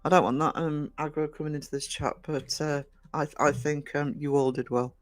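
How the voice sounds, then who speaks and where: A man's voice: on the high side, steady tone, normal speed. Northumbrian man chatting casually on a livestream. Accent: Northumbrian English. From North East England. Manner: rambling, greets chatters by name, many fillers and restarts. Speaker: livestream host. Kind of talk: casual chat to live viewers.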